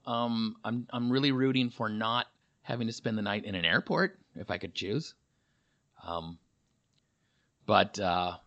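A man's voice: medium pitch, sharp tone. A male comedian talking through a casual, rambling monologue, full of fillers and self-deprecating asides. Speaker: comedian and podcast host.

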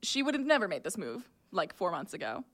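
A woman acting as game master, explaining rules and narrating in a quick, chatty way full of fillers. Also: mid-range voice, very animated, fairly bright tone. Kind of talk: running a tabletop game.

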